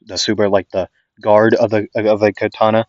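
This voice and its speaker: A man's voice: fairly low pitch, flat delivery, normal speed, no room sound, dull audio. A young man casually improvising a fan story, rambling with many fillers and restarts.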